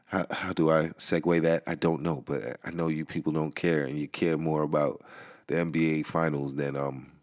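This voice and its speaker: A man's voice: very deep voice, little pitch movement, normal speed. A man hosting a podcast, ranting casually, laughing often and swearing as he rambles. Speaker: podcast host. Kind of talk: casual rant. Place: New York.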